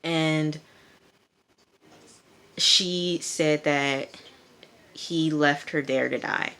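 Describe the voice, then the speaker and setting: A woman's voice: deep voice, fairly even intonation, slow, vocal fry, fairly bright tone. A woman casually recapping a TV episode, chatty with many fillers, talking straight to her viewers. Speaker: TV episode reviewer.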